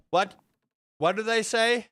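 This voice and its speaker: A man chatting casually to his stream viewers, excitable and dramatic, with stammered repeats and swearing. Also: high voice, slight background noise.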